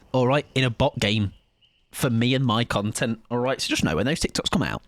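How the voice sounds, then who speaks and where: A young man streaming a game, chatting loudly and energetically with his viewers and laughing often. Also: mid-range voice, animated, normal speed. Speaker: livestreamer. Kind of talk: casual gaming livestream chat.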